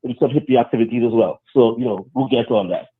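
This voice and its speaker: A man's voice: medium pitch, quick pace. A man calling in to a live stream, arguing his point insistently. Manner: argumentative, insistent. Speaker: caller. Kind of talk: phoned-in rant. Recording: tinny phone line.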